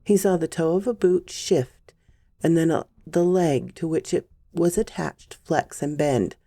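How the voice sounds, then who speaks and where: Woman storyteller, gravelly, dry close sound, measured horror reading. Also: sits low, warm tone, no room sound. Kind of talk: scripted horror story narration.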